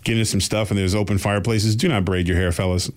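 A man telling a long story in a casual, animated way, with voices for the people he quotes. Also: lowish voice, fast talker. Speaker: podcast guest telling a story.

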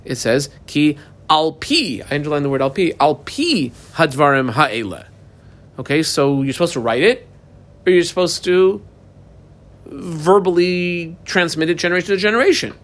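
A man with a somewhat high voice gives a lesson on a religious text. He reads each passage aloud, then unpacks it phrase by phrase. His tone is conversational, with small hesitations and rhetorical questions along the way. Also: lively intonation, normal speed, fairly bright tone. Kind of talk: text study lecture.

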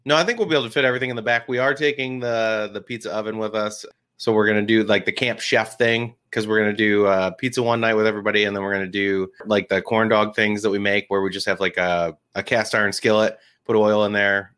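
A man's voice: on the low side, fairly even intonation, quick pace, fairly bright tone, clear, resonant tone. A man co-hosting a podcast, chatting casually and rambling with lots of "like" and restarts. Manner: rambling, many fillers and restarts. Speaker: podcast co-host.

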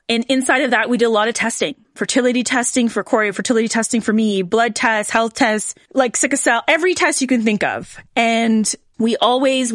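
A podcast host in her forties candidly tells her listeners a personal story, sometimes emotional and tearful, using "like" and "right?" a lot. Her voice is fairly high and a bit bright, with clean, studio-quality sound and no room echo.

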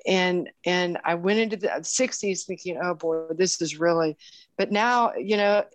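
A woman's voice: fairly low pitch, dry recording. A woman in her sixties, a guest talking casually in an interview with frequent restarts and fillers. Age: 60s. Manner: warm, halting, with many restarts and fillers.

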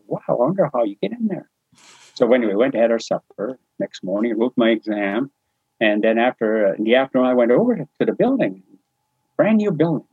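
Interviewed about his life, a New Brunswick man tells a personal story casually, performing the conversations and chuckling throughout. He has a mid-range, breathy-edged voice. The audio is dry and somewhat muffled.

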